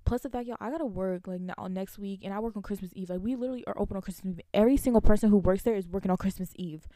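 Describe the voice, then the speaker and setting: A young woman, a college student, venting to her viewers in casual storytime chat, animated and laughing between lines. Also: medium pitch, rapid-fire, no room sound, clean studio sound. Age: young adult.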